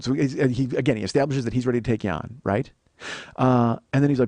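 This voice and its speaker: Fast-talking, profane male comedian. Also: mid-range voice, a little mellow, no echo. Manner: profane, rambling, breaks into laughter. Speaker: comedian podcast host. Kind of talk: comic monologue.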